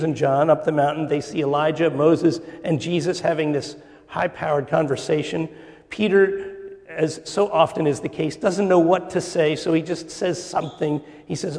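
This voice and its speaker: A man preaching a sermon, slow and deliberate, with pauses. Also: fairly high pitch, darkish tone. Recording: long reverb of a church hall.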